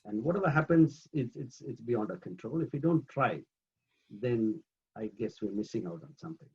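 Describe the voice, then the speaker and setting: A man answering interview questions in a relaxed, conversational way, hesitating often with fillers and repeated words over a video call. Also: medium pitch, moderate pace, husky, dull audio. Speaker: guest, managing trustee of a charity.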